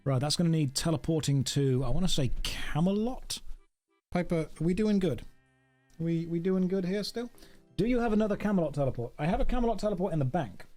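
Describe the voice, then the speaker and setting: A man's voice: on the high side, lively intonation, a little fast, dark tone, soft background music. Chatty man streaming a game. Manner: chatty, jokey, talks to his dog and chat. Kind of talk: casual livestream chat while gaming.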